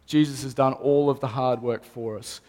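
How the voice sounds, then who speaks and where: A man's voice: medium pitch, fairly even intonation, moderate pace, a little mellow. A man, a pastor, preaching a sermon earnestly and repeating key phrases for emphasis. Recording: long reverb of a hall.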